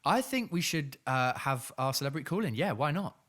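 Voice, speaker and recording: A man's voice: a little high, big pitch swings, fairly quick. A man co-hosting a comedy podcast in casual chat, dry and sardonic as he plays along with the bits. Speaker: podcast co-host.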